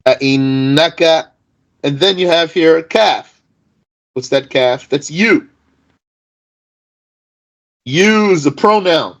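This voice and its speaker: In a high voice and over poor audio, a man explains Arabic grammar, quickly reciting Arabic and asking rhetorical questions along the way.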